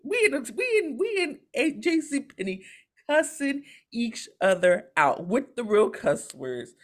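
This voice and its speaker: A woman co-hosting a podcast, telling a story in a profane, animated, casual way. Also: on the high side, measured pace. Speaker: podcast co-host. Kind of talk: casual chat.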